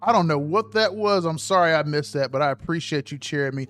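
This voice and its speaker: High-voiced man streaming a game, cursing loosely. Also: expressive, fairly quick, hardly any pauses, faint music behind. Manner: loose and profane, shouting in panic during fights. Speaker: live streamer. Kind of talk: casual gaming live stream chat.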